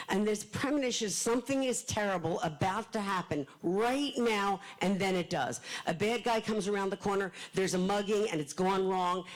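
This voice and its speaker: Older woman w/ a thick philly accent, talks fast and chatty, cracking jokes at a library author event. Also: mid-range voice, poor audio. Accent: Philadelphia. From Philadelphia. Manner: fast-talking, chatty, joking asides. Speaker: author speaking to an audience. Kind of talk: live author talk.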